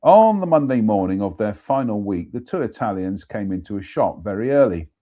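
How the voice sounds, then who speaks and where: A man's voice: lowish voice, sing-song, fairly quick, mellow. A man hosting a live show, reading a ghost story aloud steadily with the odd apologetic aside. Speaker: storyteller host.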